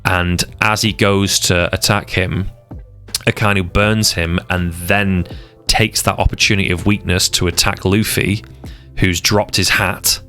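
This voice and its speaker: A man's voice: deep voice, steady tone, a little slow, sharp tone, soft background music. A man streaming a casual, unscripted talk, rambling with passion and often repeating and restarting his words. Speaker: streamer discussing anime arcs.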